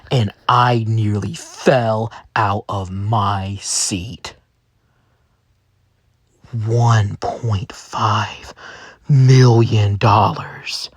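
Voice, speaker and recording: A man's voice: on the low side, slightly rough, no echo, clean studio sound. A man casually narrating a made-up story in a rambling way. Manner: rambling, unhurried.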